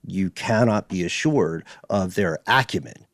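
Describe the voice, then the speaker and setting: Lively man chatting on a podcast. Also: deep voice, no room sound. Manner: animated, quick to laugh, reads quotes aloud. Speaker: podcast co-host. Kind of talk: casual chat. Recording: dry close studio sound.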